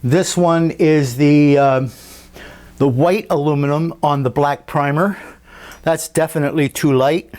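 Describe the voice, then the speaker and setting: A man talking casually about his scale model at a home workbench, unhurried and thinking aloud with fillers and restarts. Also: a little high, fairly even intonation, a little mellow. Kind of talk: casual hobby workshop walkthrough.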